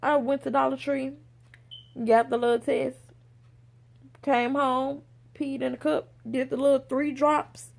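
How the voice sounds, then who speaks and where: A young woman vlogger telling a personal story in a casual, animated way, acting out the voices of others. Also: high voice, measured pace, gravelly, long pauses. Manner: animated, acts out quoted voices.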